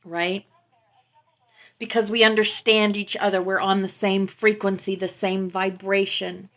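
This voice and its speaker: A woman hosting a spiritual live stream, gently affirming her viewers and reading out teachings through a phone mic. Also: medium pitch, little pitch movement, measured pace. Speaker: spiritual livestream host. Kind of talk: spiritual livestream talk to viewers.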